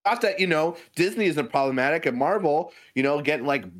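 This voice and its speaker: A man with a fairly high voice co-hosts a casual podcast chat. He talks in an animated, expressive way, his pitch leaping up and down as he rants and swears freely. He breaks into laughter often. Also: a little fast. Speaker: podcast co-host.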